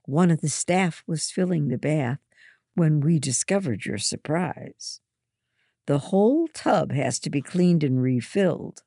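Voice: medium pitch, lively intonation, measured pace, vocal fry, dark tone, no echo, clean studio sound. A reader voicing a stern, strict boarding-school matron who scolds and gives orders, in a storybook reading. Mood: stern scolding. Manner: scolding, commanding.

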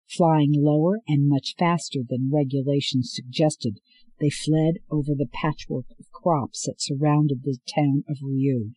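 A man reading an audiobook as narrator in a steady, measured way. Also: a little high, slightly rough, rough recording. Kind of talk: scripted narration.

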